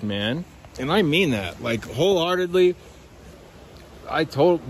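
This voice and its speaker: A man's voice: a little high, expressive, slow pace, long pauses, a little hiss or hum. A man rambling and swearing through a podcast monologue as he walks outdoors by a creek. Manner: rambling, profane, talks to listeners as guys. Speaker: podcast host. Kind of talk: rambling walk-and-talk monologue.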